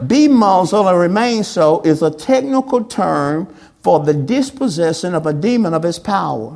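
A woman pastor preaching a sermon, acting out quoted lines with big swings in pitch and loudness. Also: expressive, normal speed, gravelly.

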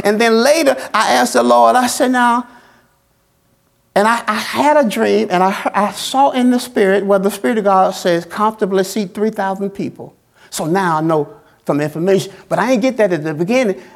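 A man's voice: very high voice, vocal fry. A man preaching a sermon as pastor, in a colloquial, folksy style, repeating phrases in a call-and-response cadence.

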